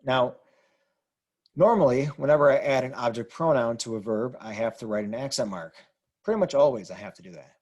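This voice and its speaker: A Spanish teacher explains grammar at a whiteboard, patiently laying out the rules and spelling words letter by letter. His voice is medium-pitched with a darkish tone, and he talks a little fast.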